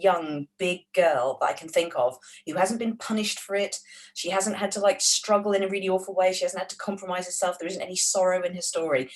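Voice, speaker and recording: A middle-aged English woman, with a softened Wolverhampton accent, telling stories in an interview on a video call, energetic and full of comic asides. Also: medium pitch, rough recording. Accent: English, Wolverhampton edges softened by London. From England. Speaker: author and screenwriter. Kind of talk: animated interview answers.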